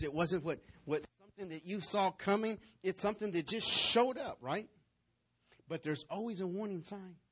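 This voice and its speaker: A male pastor with a somewhat high voice preaches a sermon. He tells stories and acts out the voices and scenes in them. He keeps putting questions to the congregation.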